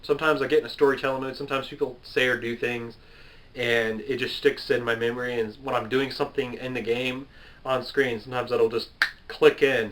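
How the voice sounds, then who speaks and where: A chatty young man in his twenties talks straight to camera in a relaxed, rambling Q&A, drifting off topic and making fun of himself. His voice sits at an ordinary middle pitch for a man. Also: rough recording. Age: 20s. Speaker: gaming video creator answering viewer questions.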